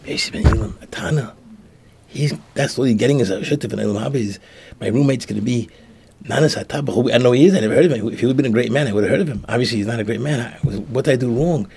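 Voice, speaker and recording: Gravelly-voiced rabbi telling a sermon story. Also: male voice, medium pitch, very fast, a little hiss or hum. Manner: tells a story, acting out the dialogue in soft, hushed tones.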